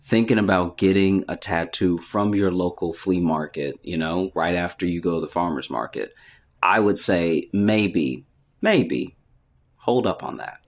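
A man's voice: deep voice, measured pace. A man co-hosting a podcast in casual chat, laid-back and playful, often murmuring along as the other host talks.

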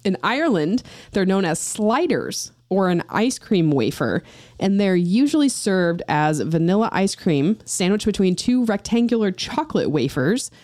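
A woman hosts a casual podcast chat, reading facts aloud and breaking off into playful jokes. Her voice sits at a middle pitch. The recording is close and dry. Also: big pitch swings, moderate pace, a little mellow, no echo. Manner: playful, reads facts aloud with jokey asides. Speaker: podcast co-host.

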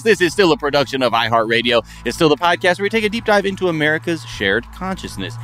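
A male podcast host with a bouncy, animated delivery that swoops up and down as he riffs. He talks in a loose, joking way. Faint music sits under his voice. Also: on the high side, quick pace. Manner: playful, riffing, breaks into goofy sung bits. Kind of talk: casual comedic podcast chat.

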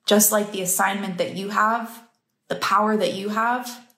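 A woman's voice: mid-range voice, fairly even intonation, normal speed, fairly bright tone, roomy sound. A woman who teaches breathwork and meditation, talking in a casual, heartfelt motivational monologue and laughing easily.

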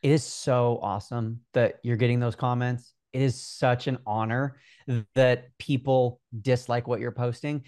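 A man's voice: medium pitch, no room sound. Earnest young man, dry close sound. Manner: energetic, earnest, many fillers. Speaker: guest, Instagram growth coach. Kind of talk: casual interview talk.

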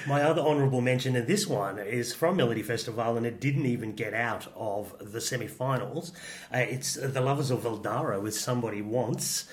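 A man co-hosting a podcast in a matter-of-fact, dryly understated way. His voice sits at a middle pitch for a man. The room gives the recording a roomy echo. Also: a little fast. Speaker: podcast co-host. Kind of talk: casual chat.

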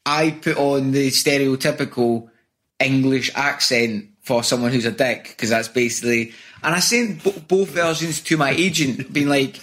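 A man's voice: medium pitch, fairly even intonation, moderate pace, fairly bright tone. Rambling self-deprecating Scottish man. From Scotland. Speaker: comedian guest. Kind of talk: casual chat. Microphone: video call.

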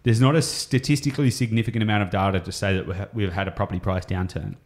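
A man's voice: fairly low pitch, fairly even intonation, very fast, a little mellow. An Australian man explaining property investing on a podcast, enthusiastic and rambling, often going off on tangents.

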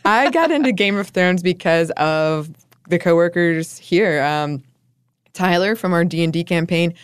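A woman co-hosts a casual podcast, chatting loosely with plenty of laughs and fillers. Her voice sits a little low. The sound is dry and close, with no room around it. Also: a little slow, smooth, no room sound. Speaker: podcast co-host. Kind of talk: casual chat.

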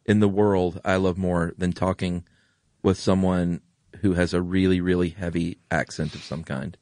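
A man's voice: sits low, little pitch movement, normal speed, a little mellow, no echo, studio quality. A man co-hosting a podcast in casual chat, enthusiastic and rambling. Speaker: podcast co-host.

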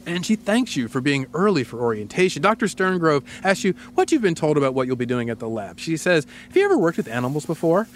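Guy on a comedy podcast, kinda high voice, bounces all over, lots of laughs. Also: very animated, fast, hardly any pauses, a little hiss or hum. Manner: playful, acts out scenes, laughs often. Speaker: podcast host. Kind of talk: casual comedic storytelling.

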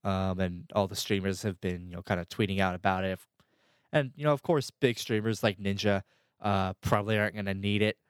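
A man's voice: low-pitched, steady tone, brisk, smooth, no echo, studio quality. A man hosting a casual podcast, explaining a topic with lots of fillers. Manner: filler-heavy, chatty explaining. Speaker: podcast host. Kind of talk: casual chat.

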